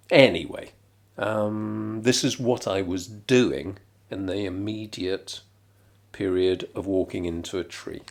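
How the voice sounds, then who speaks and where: A middle-aged man from England, telling a rambling comic story in a deadpan, digressive way with muttered asides. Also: low-pitched. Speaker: vlogger.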